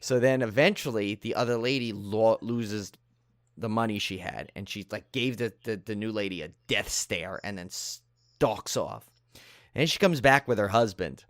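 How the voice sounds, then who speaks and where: A man's voice: on the low side, normal speed, no room sound, clean studio sound. A man co-hosting a podcast, telling a story in casual chat and acting out the people in it. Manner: animated anecdote-telling, acts out quoted people. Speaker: podcast co-host.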